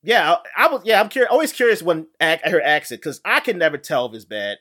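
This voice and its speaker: A man co-hosting a casual chat show, animated and laughing often, with frequent restarts. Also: on the high side, fast. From not British. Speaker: podcast co-host.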